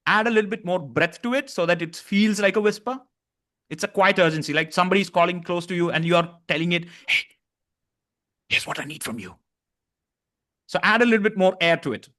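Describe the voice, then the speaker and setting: A man's voice: high-pitched, fast talker, pushed and bright. A man leading an online master class on voice, demonstrating tones and encouraging participants. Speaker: voice coach.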